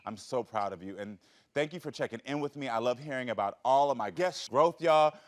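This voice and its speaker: A man's voice: mid-range voice, lively intonation, a little fast. Emphatic, affectionate male talk show host. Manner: emphatic and affectionate, playful teasing. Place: TV studio.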